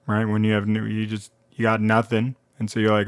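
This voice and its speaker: A man telling a comedic story in a rambling, animated way, often interrupting himself. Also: fairly low pitch, fairly quick, clear, resonant tone, dry recording, clean studio sound. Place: now living in Colorado.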